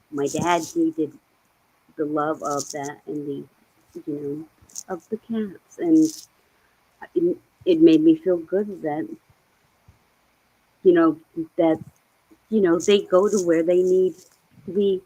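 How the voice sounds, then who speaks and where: Chatty woman with a lowish voice. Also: slow, pauses often, husky, low-quality recording. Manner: rambling, animated storytelling with laughs. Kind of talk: casual chat. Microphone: video call.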